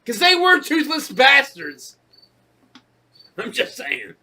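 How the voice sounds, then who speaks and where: A man co-hosting a casual podcast rants through his stories with plenty of swearing. His voice swings widely up and down as he talks. It has a bright, forceful edge. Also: extremely high pitch, wildly swooping pitch, slow. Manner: profane, ranting storyteller. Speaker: podcast co-host. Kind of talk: casual chat.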